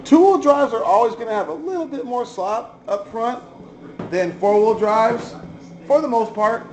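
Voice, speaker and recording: A man's voice: extremely high pitch, lively intonation, moderate pace, darkish tone, low-quality recording. A man giving a casual, chatty show-and-tell of his hobby cars, offhand and swearing now and then. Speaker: RC hobby vlogger.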